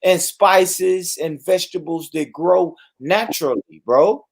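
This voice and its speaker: A man's voice: high voice, slow pace, creaky. A laid-back man from the southern United States in casual chat, chuckling often.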